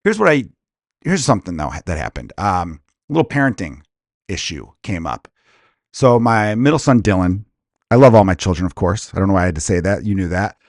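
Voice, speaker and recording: A lower-voiced man in his thirties rants through a comic story, stopping to correct himself and wander off on tangents. He is close on a podcast mic in a very dry room with no reverb. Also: big pitch swings, fairly quick. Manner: rambling, self-interrupting storyteller. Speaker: stand-up comedian, podcast host. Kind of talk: casual comedic rant.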